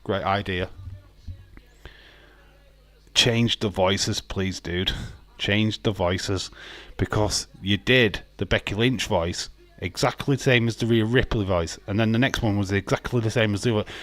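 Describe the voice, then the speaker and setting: A man's voice: on the low side, steady tone, measured pace, fairly bright tone, dry recording. A man hosting a live watch-along, chatting casually and joking with his viewers, often laughing. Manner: talks to viewers and chat by name. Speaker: livestream host.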